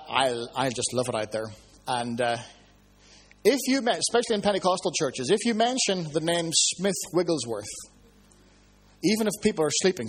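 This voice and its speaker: Husky, high-voiced preacher. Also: male voice. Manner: storytelling, animated, swings from hushed to high exclamations. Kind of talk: sermon.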